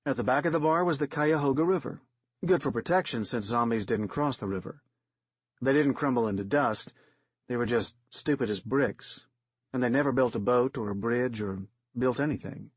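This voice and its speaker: A man narrates an audiobook in a plain, matter-of-fact way, his tone husky and breathy. The sound is dull and lo-fi, dry and close to the mic. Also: medium pitch, normal speed, no room sound. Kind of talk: third-person audiobook narration.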